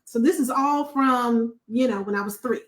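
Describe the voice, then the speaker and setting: A woman from Buffalo hosting a podcast, sharing a heartfelt testimony in an animated, emphatic way with a preacher-like cadence. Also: fairly high pitch, moderate pace, poor audio. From Buffalo, New York, USA. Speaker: podcast host.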